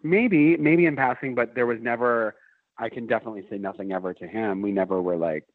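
A man's voice: mid-range voice, fairly quick, no echo. A man in his forties, a guest in a casual chat, telling a long story with lots of restarts and fillers. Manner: rambling, many restarts and "like". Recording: tinny phone-line sound.

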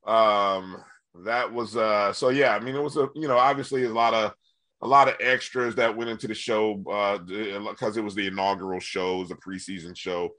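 A man's voice: lowish voice, steady tone, normal speed, fairly bright tone. A man hosting a casual sports talk show, asking his co-host questions and chatting about the team. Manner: conversational, asks questions, many fillers and restarts.

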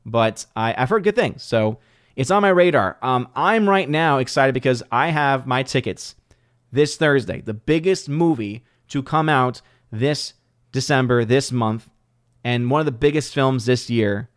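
A man's voice: medium pitch, unhurried, no room sound, clean studio sound. Stammering man hosting a live stream. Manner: rambling, frequent restarts and stammers. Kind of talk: casual stream chat, reading viewer comments.

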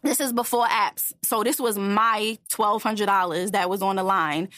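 A young woman co-hosting a podcast, telling a story in animated, swearing casual chat. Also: medium pitch, moderate pace, no echo, studio quality. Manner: animated, swearing, frequent restarts. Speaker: podcast co-host.

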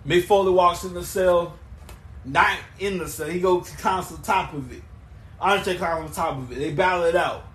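Excitable high-voiced wrestling podcast host. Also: male voice, normal speed, roomy sound, a little hiss or hum. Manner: excitable, rambling, with restarts and emphatic bursts. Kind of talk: solo podcast recap and show plugs.

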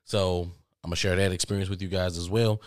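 A man vlogging, telling a story casually to his viewers with lots of cursing and animated asides. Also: low-pitched, quick pace, clean tone, dry recording, studio quality. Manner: profane, animated, talks straight to viewers.

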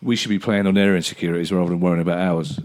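A man co-hosting a football podcast, giving measured, opinionated analysis in casual chat, often restarting his sentences. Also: deep voice, fairly even intonation, a little mellow, slight background noise. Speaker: podcast co-host.

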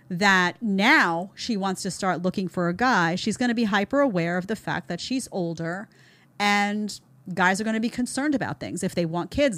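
A woman's voice: medium pitch, dry recording. A woman hosting a show, giving opinionated commentary in an emphatic way, with many repeated words and rhetorical questions. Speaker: show host reacting to clips.

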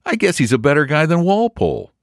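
A man's voice: on the high side, sing-song, fast, vocal fry, no echo, clean studio sound, voice pushed up. A man voicing an earnest, agreeable young man who is a little drunk by the fire.

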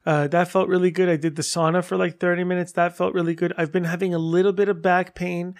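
A man hosting a solo podcast, chatting in an animated, rambling way and gushing as he tells stories. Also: high-pitched, fast talker. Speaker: podcast host. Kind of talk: casual solo podcast update.

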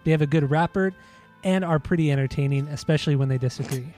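A man hosting a casual podcast, rambling and laughing at himself, with the odd curse thrown in. His voice sits a little high but sounds dark and mellow. Faint guitar music plays underneath. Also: fast talker. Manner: rambling, self-mocking, swears. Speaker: podcast host.

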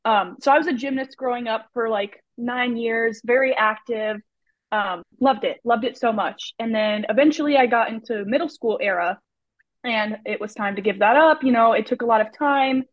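A woman's voice: on the high side, moderate pace, dry recording. A young woman speaking as a podcast guest. She talks openly and chattily, with lots of "like" and "you know". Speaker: guest, personal trainer. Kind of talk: casual podcast chat. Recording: dull lo-fi, very dry sound.

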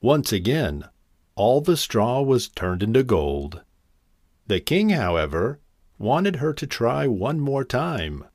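Male storyteller, animated pitch, dry close sound, fairy-tale reading. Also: takes it slowly, no room sound. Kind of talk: storybook narration.

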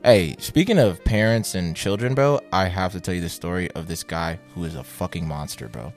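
A young man co-hosting a casual podcast, telling a story in slangy, animated talk and acting out quotes. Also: deep voice, moderate pace, soft background music. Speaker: podcast co-host.

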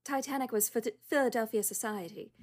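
Her voice a little high, a little fast and a little mellow, a young woman co-hosts a podcast. The chat is casual, with her rambling, giggling and frequently laughing out loud.

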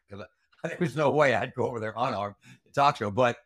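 A man's voice: medium pitch, fast, a bit bright, dry recording, studio quality. A middle-aged man, a retired Army Ranger staff sergeant, telling a long story in a casual interview, rambling with fillers and restarts and plenty of swearing. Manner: rambling, frequent fillers and restarts, salty language.

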